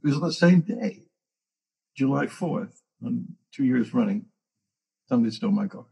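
A man with a gravelly, very raspy voice telling stories with animated, dramatic asides in a casual spiritual conversation. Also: mid-range voice, normal speed, dull audio.

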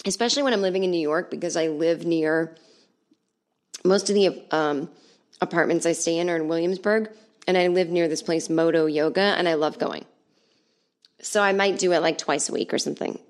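A woman's voice: on the low side, fairly quick. A woman from Los Angeles telling a comedy story at home on her podcast, chatty and sarcastic and swearing freely.

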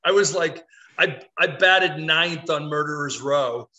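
A man who is a sports columnist co-hosting a podcast, giving animated, opinionated and self-mocking takes. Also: a little high, measured pace. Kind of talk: casual sports talk.

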